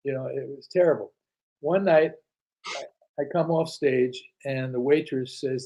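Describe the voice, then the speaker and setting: A man's voice: medium pitch, steady tone, measured pace, mellow, low-quality recording. An older man telling anecdotes as an interview guest, acting out quoted dialogue with frequent restarts. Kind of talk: casual storytelling interview.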